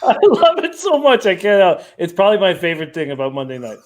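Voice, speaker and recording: Giggly betting panel guy, teasing, high-ish and bouncy. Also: huge pitch swings, fast, darkish tone. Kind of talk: live betting show chat.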